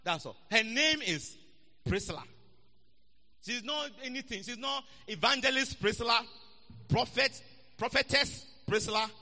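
A man's voice: very high-pitched, lively intonation, a little slow, pauses often, pushed and bright, in a large hall. A man preaching a sermon, playful and teasing, repeating words for emphasis. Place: church hall.

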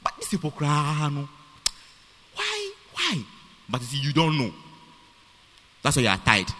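Animated high-voiced preacher in a reverberant church. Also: male voice, measured pace. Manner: animated, repetitive, emphatic with many restarts. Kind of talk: sermon. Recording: long reverb of a church hall.

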